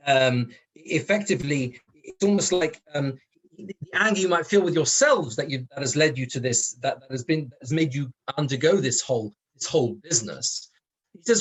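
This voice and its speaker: A man's voice: a little high, breathy edge. A man, a rabbi, giving a Torah lesson in an explanatory way, stressing his points. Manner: explanatory, rises and falls with emphasis. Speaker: rabbi teaching a weekly Torah class.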